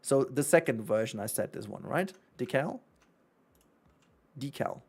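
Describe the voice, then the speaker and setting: A man with a German accent talks loosely as he streams a game, his pitch sitting in a middle register. He rambles, doubles back on his words and breaks into laughs, with the easy, chatty flow of a long livestream. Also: expressive, brisk, a little mellow, husky. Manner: rambling, chatty, self-correcting, laughs often. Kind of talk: casual livestream gaming chat.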